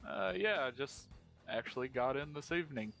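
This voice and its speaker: A man's voice: mid-range voice, lively intonation, normal speed, creaky, fairly bright tone, faint music behind. A man playing a tabletop game, speaking in character in an easygoing, hesitant way. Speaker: player.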